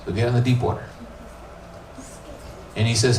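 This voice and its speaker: A man preaching a youth sermon, a middle school pastor who retells the story in a lively, casual way and acts out the characters' lines. His voice sits at an average pitch and is heard from some distance in an echoey room. A faint ambience runs behind him. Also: normal speed, a little hiss or hum. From United States. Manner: animated storytelling, acting out dialogue with casual asides.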